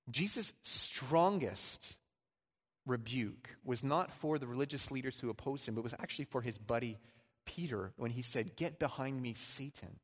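A man preaching a sermon as pastor, emphatic, swinging between loud passages and soft ones. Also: medium pitch. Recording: long hall reverb.

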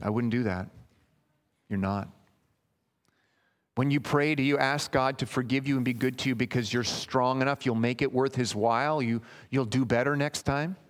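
A man's voice: medium pitch, moderate pace. A man preaching a sermon in an earnest, emphatic way, speaking directly to his listeners as friends.

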